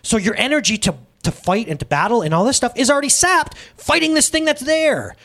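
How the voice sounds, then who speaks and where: Man preaching, high voice, very lively pitch, chatty sermon delivery, asks listeners questions. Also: brisk. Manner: animated, conversational, asks the audience questions often. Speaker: pastor.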